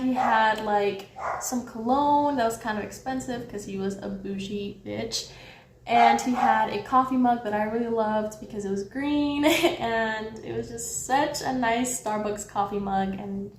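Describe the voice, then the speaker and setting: Young female vlogger, high voice, profane and animated, roomy echo with faint background noise. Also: a little slow. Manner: animated, heavy swearing, swings loud when heated. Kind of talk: storytime vlog.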